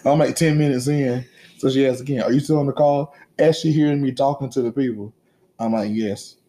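A man in his thirties co-hosting a casual podcast chat, telling animated, teasing stories about his kids with plenty of profanity. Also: mid-range voice, a little fast. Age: 30s. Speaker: podcast co-host.

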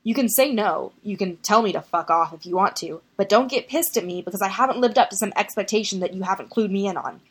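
A woman's voice: mid-range voice, fast, hardly any pauses, slightly rough, natural voice. A woman voicing a guarded, sarcastic young man in an audiobook reading of a story. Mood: defensive. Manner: sarcastic, tense.

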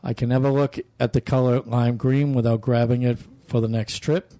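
Man, reading a letter aloud, small stumbles, mellow tone, dry close mic. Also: medium pitch, flat delivery, moderate pace, no room sound.

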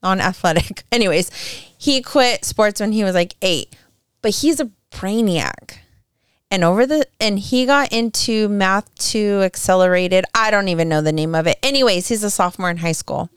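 A woman's voice: medium pitch, normal speed, smooth, no echo, studio quality. A woman in her forties, a podcast co-host and mother of teenagers, telling family stories in casual chat, rambling and laughing often.

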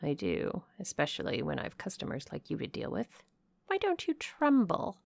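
A woman voicing a harsh-voiced old crone fortune-teller who speaks in a decided, probing, deliberate way, in a storybook reading. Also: fairly low pitch, huge pitch swings, creaky, no room sound, clean studio sound, full character voice. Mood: mocking. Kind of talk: audiobook character voice.

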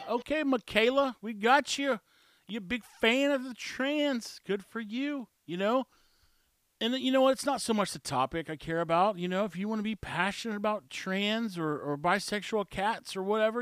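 A man's voice: high-pitched, fairly bright tone, no echo, clean studio sound. A man hosting a podcast, giving blunt, sarcastic casual commentary on a clip he plays. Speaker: podcast host.

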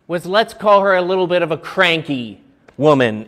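A male pastor with a notably high voice gives a chatty, upbeat sermon. His voice rings out in a church sanctuary with a long reverb tail. Each point is framed as a story for the congregation. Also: sing-song, unhurried, a bit bright.

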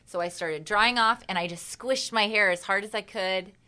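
A woman's voice: mid-range voice, normal speed, bright, forceful tone, clean tone. A woman, a singer, chatting as a guest in an interview and acting out her own reactions as she tells a story. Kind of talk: casual interview chat.

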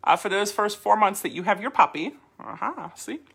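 A woman teaching a dog training class, explaining commands in a lively, chatty way with playful voice demonstrations. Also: mid-range voice, normal speed, gravelly, husky.

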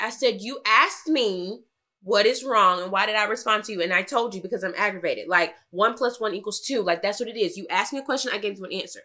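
A young woman with a bright, clear tone chats in a relaxed way. She tells her story with animation and acts out both sides, and her voice often jumps high when she is exasperated. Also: fast talker. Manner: animated storytelling, quoting her husband, rising to high exclaims. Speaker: podcast co-host. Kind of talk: casual chat.

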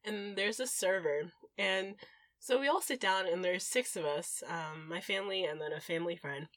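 A woman's voice: on the low side, moderate pace, a bit bright, no room sound. A young woman co-hosting a podcast, telling exasperated travel stories and mimicking the people she met. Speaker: podcast co-host. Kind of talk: casual chat.

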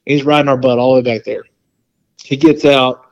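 A man in the middle of a long, rambling story, full of "like" and quoted back-and-forth. His voice sits at an ordinary middle pitch. The recording sounds a little dull and lo-fi. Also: fairly even intonation, normal speed. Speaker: podcast guest. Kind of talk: casual storytelling.

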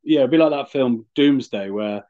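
A man co-hosting a podcast, rambling through a casual sports chat with halting restarts. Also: medium pitch. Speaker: podcast co-host. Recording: dull lo-fi sound.

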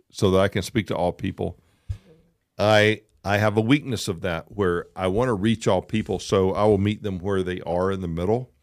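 A man's voice: on the low side, a little mellow. A man co-hosting a casual talk show, speaking emphatically and repeating phrases to drive points home. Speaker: podcast co-host. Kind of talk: casual chat.

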